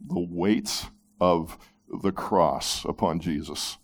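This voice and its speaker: A man preaching a sermon, reading scripture aloud and commenting on it, moving between loud emphatic peaks and hushed low phrases. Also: slow pace. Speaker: pastor.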